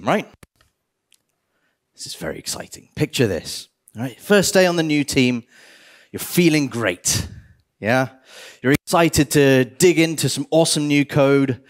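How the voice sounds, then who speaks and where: A man giving a conference talk on stage, animated, with bursts of theatrical mock despair. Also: mid-range voice. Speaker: conference speaker.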